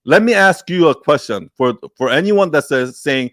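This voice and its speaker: A man's voice: a little high, expressive, moderate pace, fairly bright tone, no room sound, clean studio sound. Heated, profane man on a livestream. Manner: blunt, profane, heated, mocks excuses in put-on whiny quotes. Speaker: host of a live Q&A. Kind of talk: unscripted livestream pep talk.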